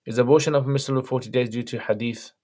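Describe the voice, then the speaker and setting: A man runs a laid-back livestream Q&A, reading out viewer questions and giving straightforward, conversational answers. His voice sits at a medium pitch and he talks in rapid-fire bursts.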